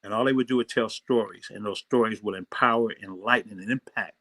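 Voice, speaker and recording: A man giving a workshop lesson on storytelling, telling a moving tale and then driving home its lessons with soft, dramatic drops in his voice. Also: lowish voice, a little fast, creaky. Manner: swings between loud punches and soft whispers. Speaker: storytelling speaker.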